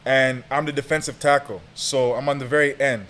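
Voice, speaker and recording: A young man guest on a podcast, telling a story in a casual, animated, slangy way and laughing as he goes. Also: medium pitch, brisk.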